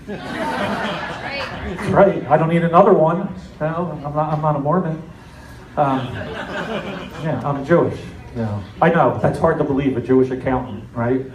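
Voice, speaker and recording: Middle-aged comedian with a raised voice. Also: male voice, a little high, a little slow, long pauses, distant mic, crowd noise. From New Jersey. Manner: deadpan self-mocking storytelling. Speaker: stand-up comedian. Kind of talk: stand-up comedy set. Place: comedy club stage. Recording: echoey club with audience noise. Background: audience laughter.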